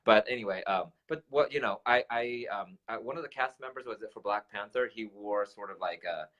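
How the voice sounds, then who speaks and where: A man co-hosting a casual talk show, chatting in an animated way with many fillers and restarts. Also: fairly low pitch, fairly quick, dull audio. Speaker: co-host. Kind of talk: casual chat.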